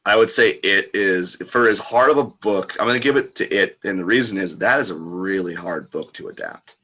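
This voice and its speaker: A man's voice: sits low, moderate pace, bright, forceful tone. A man, a book author and podcast guest, talking in a rambling, casual way with many fillers and restarts.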